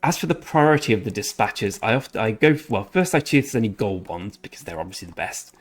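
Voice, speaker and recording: A man's voice: fairly low pitch, animated, fast. A man rambling through casual commentary over his strategy game, often correcting himself mid-sentence. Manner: chatty, rambling, self-correcting. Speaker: gaming channel host.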